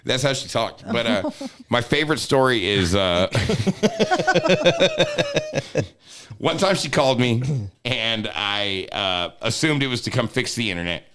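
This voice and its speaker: A man is spinning a casual, comic story as a podcast guest. He is animated and laughs through his lines. He swears casually. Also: mid-range voice, slow, a little hiss or hum.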